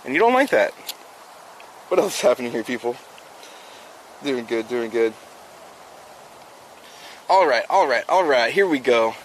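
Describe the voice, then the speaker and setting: This outdoor fishing livestream features a South Florida host chatting upbeat and casually with viewers as he works, offering instruction. His medium-pitched voice swings widely in pitch at a moderate pace with long pauses, and there's a little hiss or hum.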